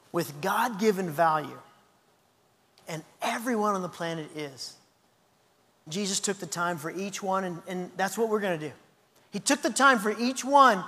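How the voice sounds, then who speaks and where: A man pastor preaching a lively, anecdotal sermon, often restarting his sentences. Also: high voice, big-room sound.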